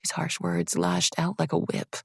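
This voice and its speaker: A woman narrates a first-person fantasy audiobook with measured, expressive storytelling. Her voice sits low and has a gravelly texture. The recording is dry and close to the mic. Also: dry recording.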